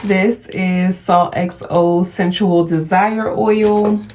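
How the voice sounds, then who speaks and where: A young woman records a casual perfume unboxing on her phone, excited and gushing as she stumbles over brand names. Her voice sits a little low, and she talks slowly and unhurriedly. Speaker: perfume vlogger.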